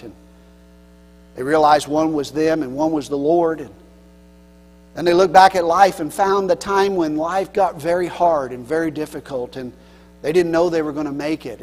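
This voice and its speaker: A man pastor preaching a sermon earnestly, swinging between loud emphasis and soft, low passages. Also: husky. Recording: long hall reverb with mains hum.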